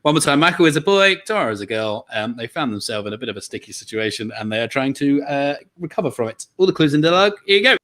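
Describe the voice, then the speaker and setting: A man's voice: medium pitch, big pitch swings, fast talker, few pauses, fairly bright tone. A man hosting a casual online quiz, chatty and laughing often. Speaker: quiz host.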